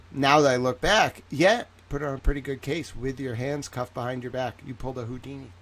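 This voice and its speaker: A man's voice: medium pitch, a little fast, few pauses. Man, livestream host, casual commentary, rambling, reactive, swears freely, mid-range voice.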